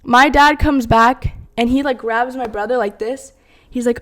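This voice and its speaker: A young woman in her twenties, co-hosting a podcast and telling a story in a fast, animated way, full of fillers. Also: on the high side. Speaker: podcast co-host. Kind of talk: casual chat, storytelling.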